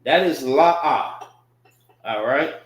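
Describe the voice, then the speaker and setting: A man's voice: medium pitch, lively intonation, drawn-out words, roomy sound, a little hiss or hum. A man teaching a class, patiently repeating words and spelling them out letter by letter. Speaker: class instructor. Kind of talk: classroom lesson on writing and pronunciation.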